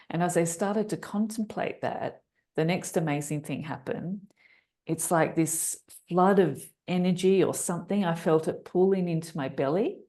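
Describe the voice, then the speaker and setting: A woman in a casual conversation telling a personal story, acting out her own thoughts with sudden jumps in pitch and bursts of laughter. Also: dark tone. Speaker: podcast guest, business author.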